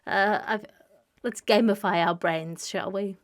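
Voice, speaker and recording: A woman hosting a comedic news podcast with dry, deadpan wit, recorded over a video call. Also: mid-range voice, a little slow. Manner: dry, witty, deadpan delivery. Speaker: host. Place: home, remote video call.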